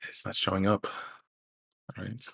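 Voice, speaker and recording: A man's voice: deep voice, completely flat delivery, moderate pace, vocal fry, pushed and bright, slightly rough, no echo, studio quality. A man playing a tabletop role-playing game, talking in a hesitant way with lots of fillers and tag questions. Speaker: player. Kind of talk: tabletop role-play as a player.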